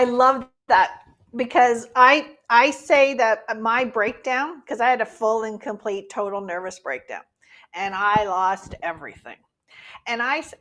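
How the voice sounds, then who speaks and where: A woman with a somewhat high voice hosts a casual talk show. She speaks candidly and with a lively energy. She opens up readily about her own life. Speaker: host.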